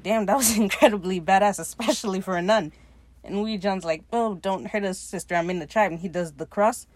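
Casual podcast host, woman, dry mic, animated retelling. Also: mid-range voice, dry recording. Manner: animated, acts out characters' lines while retelling. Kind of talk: casual episode recap.

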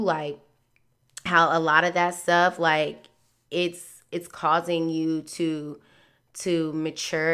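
A woman's voice: sits low, pushed and bright. A woman in her thirties hosting a podcast, talking candidly and earnestly about faith and lessons learned, full of "like" and "um". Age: 30s. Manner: candid and conversational, many fillers like "like" and "um"; earnest, faith-centered encouragement. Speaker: podcast host. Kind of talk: reflective personal podcast monologue.

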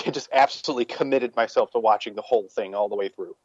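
A man's voice: fairly low pitch, quick pace, breathy edge, no room sound. Man, laid-back crude co-host, rambling, muffled lo-fi recording. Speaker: podcast co-host. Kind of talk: casual storytelling chat.

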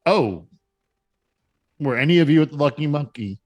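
A man's voice: on the high side, animated, normal speed, a little mellow, no echo, highs cut off, voice pushed up. A man voicing a city guard who questions people in a businesslike way. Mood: questioning. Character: brusque city guard man, official and probing.

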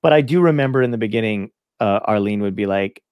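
Speaking fast in a fairly low, slightly mellow voice, this man sounds clear and resonant on a dry recording. A comedian from Brooklyn who grew up in New Jersey, he tells stories in a relaxed, profane podcast conversation, acting out the voices of the people in them.

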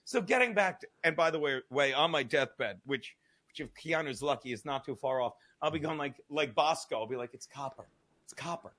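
A man ranting about a joke on a casual comedy podcast, loud and profane, talking over the others. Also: on the high side, animated, normal speed.

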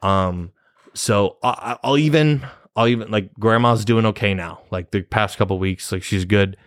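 Young adult male vlogger, rambling and profane, low-pitched, dry recording. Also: moderate pace, dry recording. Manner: rambling, heavy cursing, nervous laughs. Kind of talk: casual personal story.

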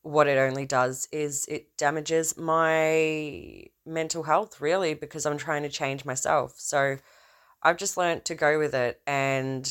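A woman with a low, deep-set speaking voice, trained as an opera singer, rambles through a casual podcast monologue. Her tone is smooth and resonant. She restarts her sentences often and leans into theatrical emphasis. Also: fairly even intonation, unhurried, fairly bright tone. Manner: rambling, self-interrupting, theatrical swings in emphasis. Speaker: podcast host.

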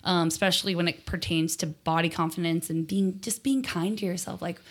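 A woman's voice: on the low side, brisk. A young woman co-hosting a casual podcast chat, upbeat and laughing often. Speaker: podcast co-host.

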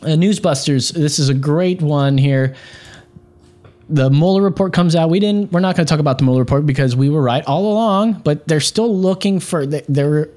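A man's voice: on the high side, moderate pace, a little mellow. A man hosting a casual podcast who reads news stories aloud and riffs on them with sarcasm and profanity. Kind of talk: casual crude news commentary.

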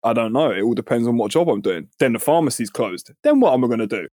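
A man, telling a story on a podcast in a casual, animated way and swearing freely. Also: medium pitch, fast talker, dry recording, clean studio sound. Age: 30s. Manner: animated, swears freely, acts out quoted voices. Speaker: podcast co-host.

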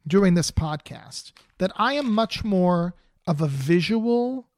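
A woman podcast host with a lowish, very lively voice, chatting casually and exclaiming as she tastes things. The sound is dry and close, with no room echo. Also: slow. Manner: playful, exclaims while tasting. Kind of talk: casual chat, tasting food on a podcast. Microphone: podcast mic, guest on video call.

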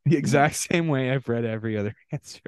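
A man's voice: mid-range voice, quick pace, clear, resonant tone, dry recording, clean studio sound. A man from Canada co-hosting a casual podcast, reading contestant bios aloud with offhand asides. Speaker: podcast co-host.

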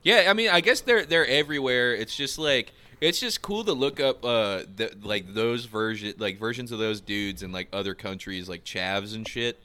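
A man's voice: mid-range voice, moderate pace, hardly any pauses, bright, forceful tone, clear, resonant tone, no room sound. A young American man co-hosting a comedy podcast, rambling with lots of fillers and trailing off. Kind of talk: crude comedic banter.

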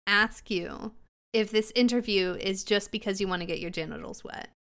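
A woman's voice: medium pitch, moderate pace, fairly bright tone, clear, resonant tone. A woman playing a tabletop role-playing game who talks playfully and narrates what her character does. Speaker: player.

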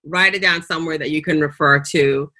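A woman's voice: sits low, steady tone, brisk, sharp tone. A woman with a Jamaican accent hosting an interview, coaching and encouraging her guest. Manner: encouraging, coaching, often ends with "right?". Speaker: host, coach. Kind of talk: casual interview chat.

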